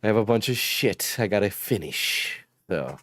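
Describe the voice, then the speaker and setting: A young man chatting casually on a stream while he reacts to clips, loose and profane and quick to laugh. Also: on the low side, expressive, fairly bright tone.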